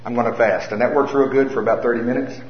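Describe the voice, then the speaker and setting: A middle-aged man preaching a sermon with folksy humor and animated storytelling. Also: medium pitch, quick pace. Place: church hall with a live audience. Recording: roomy, slightly dull sound.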